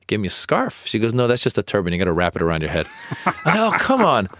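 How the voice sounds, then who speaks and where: A middle-aged male comedian telling stories in an interview, animated and acting out his own replies. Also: racing, dry recording, studio quality. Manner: animated storyteller, acts out his own protests in a higher voice. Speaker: comedian guest. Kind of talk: storytelling interview chat.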